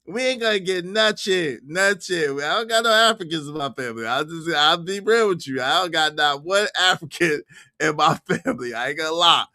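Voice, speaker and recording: A man hosting a reaction livestream who talks in an excitable way, laughs often and repeats his phrases over and over. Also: fairly high pitch, normal speed, no echo, studio quality. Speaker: livestream host.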